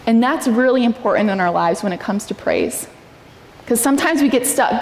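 A woman's voice: on the high side, animated, moderate pace. A young woman preaching a sermon in a church, earnest and personal, sometimes acting out prayers in a raised voice. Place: church sanctuary. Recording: echoey hall with long reverb.

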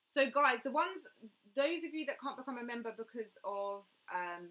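A woman's voice: a little high, animated, moderate pace, sharp tone. A young woman hosting a casual fitness live stream, chatting and answering viewer comments with lots of "like" and "mate".

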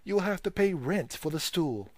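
A man voicing an impudent young tea-shop boy in a storybook reading, sharp and indifferent. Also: high voice, animated, moderate pace, no echo, voice pushed up.

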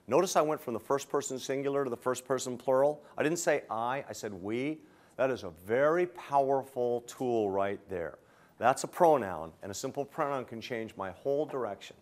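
A man's voice: medium pitch, expressive, normal speed. An older man teaching hotel sales, telling a story and acting out both sides of his phone calls.

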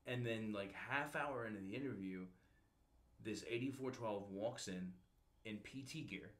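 Low-voiced male podcast host, a recruiter, animated, slangy storyteller. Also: unhurried. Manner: animated slangy storyteller, says bro and dude. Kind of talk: casual storytelling chat.

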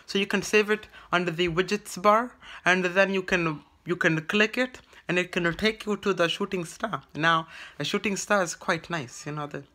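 A bright, sharp-toned vlogger speaks in a put-on broken English. The delivery stumbles and restarts again and again, rambling through a comic monologue close to the camera mic. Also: medium pitch. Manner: halting and rambling, full of stammered restarts. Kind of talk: comedic vlog monologue in character.

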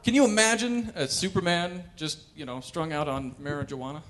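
A man performing wry, animated stand-up comedy on a cultural center stage. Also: fairly high pitch, moderate pace, few pauses, background noise. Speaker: comedian and pianist.

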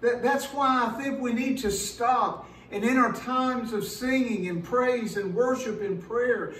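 A pastor preaching a sermon in an earnest, emphatic way, slowing down and repeating words as he builds a point. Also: very high voice, a bit bright, reverberant, far from the mic, slight background noise, low-quality recording.

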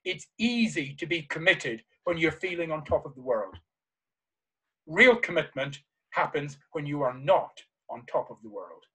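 With a fairly high, sharp voice that has a breathy edge, a man gives a motivational seminar to a live audience at a measured pace. His intonation is lively as he passionately repeats key phrases, though the audio is poor.

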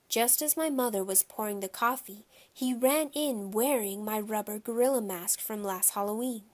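A woman narrating a children's audiobook in a lively, expressive way. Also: mid-range voice.

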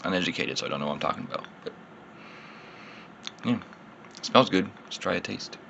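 A man's voice: low-pitched, expressive, fairly quick, vocal fry, bright, forceful tone, dull audio, a little hiss or hum. A man, slightly tipsy, rambling casually through a beer tasting in his vlog and poking fun at himself. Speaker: beer reviewer.

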